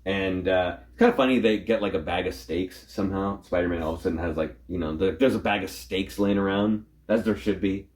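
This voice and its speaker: A man hosting a casual comic book chat, recapping a story in a rambling way and acting out the characters' lines in quick voices. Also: sits low, steady tone, a little mellow. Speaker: comic book show host.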